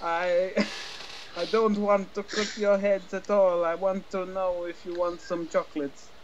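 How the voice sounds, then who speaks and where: A man's voice: high-pitched, flat delivery, unhurried, lo-fi sound, a little hiss or hum. A man voicing a bumbling male caller with a botched French accent, hesitant and stammering, in a comedy podcast sketch. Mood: nervous. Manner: hesitant, stammering, lots of uh and restarts.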